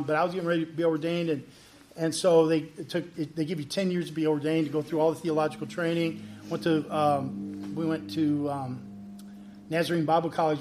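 A man who is a pastor, telling a personal testimony in an animated way and acting out the lines of people in his story. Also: on the high side. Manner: animated, acts out quoted dialogue.

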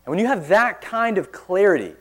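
A man preaching a sermon in church, earnest, pressing hard on key words and then dropping suddenly quiet. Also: high-pitched, very animated, fairly quick. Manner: earnest, forceful emphasis with sudden quiet drops.

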